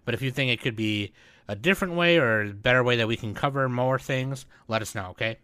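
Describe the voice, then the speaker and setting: A man hosting an anime podcast, teasing his co-hosts and laughing often in relaxed banter. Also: medium pitch, a little fast, clear, resonant tone, no echo. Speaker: podcast host.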